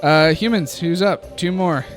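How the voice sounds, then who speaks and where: A man's voice: fairly high pitch, measured pace. A man narrating and running a tabletop game in a casual, laughing manner. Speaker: game master. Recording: background music. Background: music.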